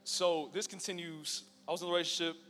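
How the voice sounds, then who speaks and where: A man's voice: on the high side, steady tone, fast, a bit bright. Young man sharing testimony in a church hall. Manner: casual, storytelling, joking with the crowd. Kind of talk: personal testimony to a live audience. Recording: long reverb in a church hall with faint music.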